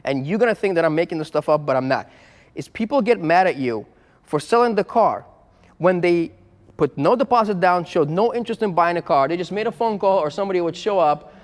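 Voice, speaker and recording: A man's voice: high voice, animated, fairly quick, long reverb tail. A man who runs a used car business, talking frankly and bluntly to the camera in a casual vlog and repeating himself as he goes.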